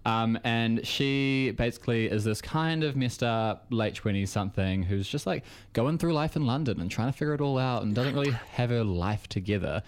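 A man's voice: mid-range voice, normal speed, hardly any pauses. A young man from New Zealand chatting enthusiastically as a podcast panelist, with lots of fillers. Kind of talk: casual chat.

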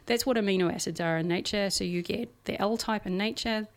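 A woman's voice: medium pitch, brisk. A woman co-hosting a casual science podcast, explaining research in a chatty way with everyday examples and frequent fillers.

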